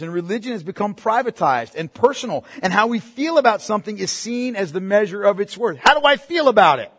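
A man's voice: high voice, breathy edge. A male pastor preaching a sermon, emphatic and full of rhetorical questions put to the congregation. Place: church sanctuary. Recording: long reverb in a large hall.

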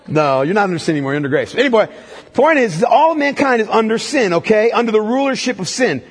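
A man's voice: high-pitched, sing-song, quick pace, in a large hall, a little hiss or hum. A man preaching a sermon as pastor, emphatic and repeatedly checking in with the congregation.

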